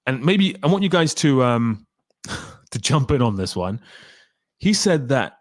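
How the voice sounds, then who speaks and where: A man's voice: mid-range voice, no echo, studio quality. Chatty man hosting a film stream. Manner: rambling, talks straight to chat viewers by name. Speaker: film talk live stream host. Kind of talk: casual live stream chat.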